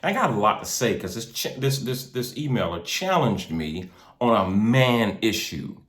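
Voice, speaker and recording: This faith podcast host and minister talks from a car at normal speed in a fairly low, sing-song voice, and the sound is reverberant. His preaching-style delivery is energetic, full of street slang and repeated words.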